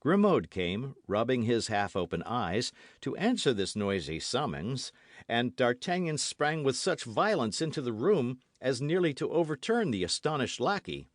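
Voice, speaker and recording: Expressive male audiobook narrator. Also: mid-range voice, normal speed, no echo, studio quality. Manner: expressive, animated reading. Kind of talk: scripted narration.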